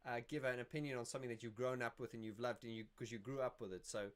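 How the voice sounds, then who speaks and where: A man's voice: mid-range voice, fairly even intonation, quick pace. A man hosting a casual livestream Q&A, chatty and rambling, often laughing and restarting his sentences. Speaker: YouTube channel host.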